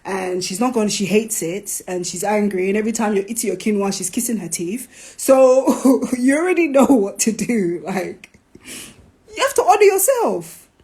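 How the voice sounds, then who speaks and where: A woman hosting a live stream, talking casually, animated and preachy, with playful jabs. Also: medium pitch, normal speed, hardly any pauses. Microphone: phone.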